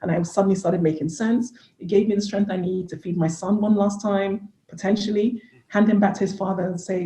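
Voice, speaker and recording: A woman in her thirties, a podcast guest and coach, telling an earnest personal story in an animated way. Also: mid-range voice, brisk, hardly any pauses, echoey room, rough recording. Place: living in England.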